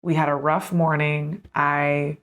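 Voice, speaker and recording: Woman podcast host, 30s, lower voice, chatty storyteller who laughs a lot. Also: slow pace. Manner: storytelling, animated, laughs often. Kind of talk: conversational interview.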